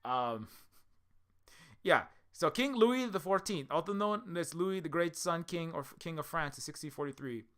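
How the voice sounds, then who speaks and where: A man's voice: fairly high pitch, expressive, measured pace, a bit bright, clean tone. A man talking in a rambling casual monologue, full of restarts, tangents and self-mocking asides. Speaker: game developer and commentator.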